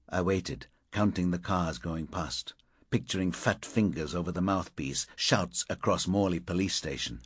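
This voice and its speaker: A man's voice: deep voice, measured pace, breathy edge, no echo. A man reading an audiobook in a terse, clipped first-person narration. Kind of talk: scripted narration.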